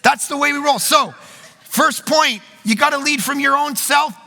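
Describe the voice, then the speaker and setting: A man preaching at a conference in a large hall, telling quick, joking, self-deprecating stories. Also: very high-pitched, gravelly, bright, forceful tone. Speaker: pastor. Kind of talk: conference sermon. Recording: long hall reverb.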